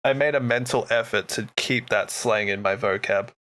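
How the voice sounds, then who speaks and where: A man co-hosting a casual hobby podcast, excitable and jokey, swearing casually. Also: on the low side, normal speed. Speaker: podcast co-host.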